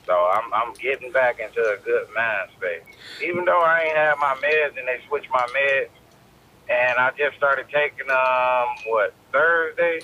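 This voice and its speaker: A man's voice: medium pitch, measured pace, bright, forceful tone, slight background noise. Laid-back man on a muffled phone call. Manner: laid-back, profane, rambling. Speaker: guest calling in. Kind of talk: casual phone chat. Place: in his car.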